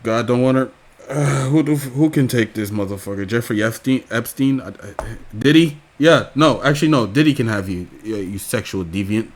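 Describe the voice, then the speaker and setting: A man giving profane reaction commentary, crude and incredulous, with loud outbursts. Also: mid-range voice, moderate pace, slight background noise.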